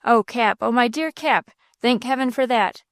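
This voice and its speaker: A woman's voice: a little high, normal speed, dry recording, studio quality, close to an everyday voice. A woman voicing a hot-tempered old man in an audiobook, scolding and blustering. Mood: agitated.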